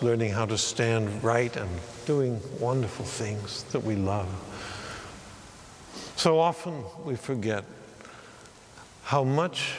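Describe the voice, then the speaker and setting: Slow, reflective male preacher in hall. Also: mid-range voice, a little hiss or hum. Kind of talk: sermon.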